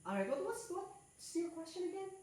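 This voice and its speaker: Animated woman teaching a class. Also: very high voice, moderate pace. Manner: animated, coaxing questions to students. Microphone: far camera. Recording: echoey classroom from far off.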